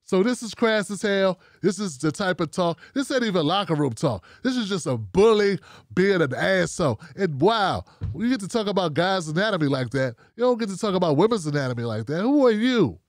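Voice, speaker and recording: A man's voice: high-pitched, fairly quick, dry recording, clean studio sound. A man hosting his own commentary show, talking bluntly and casually with plenty of profanity before taking phone calls. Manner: blunt, profane and animated, talking straight at the audience. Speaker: show host.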